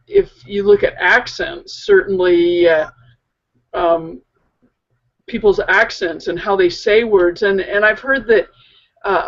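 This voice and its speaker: A woman co-hosting a casual chat, talking slowly and hesitantly with many pauses and fillers. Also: mid-range voice. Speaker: co-host. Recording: muffled lo-fi audio.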